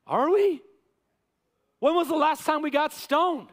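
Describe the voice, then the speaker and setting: A man preaching a sermon as pastor, impassioned, sometimes acting out quotes with rising shouts. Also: very high-pitched, unhurried. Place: church sanctuary. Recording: long church hall reverb.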